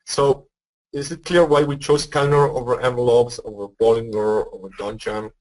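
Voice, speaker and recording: A man's voice: medium pitch, steady tone, normal speed, darkish tone, low-quality recording. A man presenting a live trading webinar, explaining step by step, often checking whether listeners follow. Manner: explanatory, asks for feedback, repeats words.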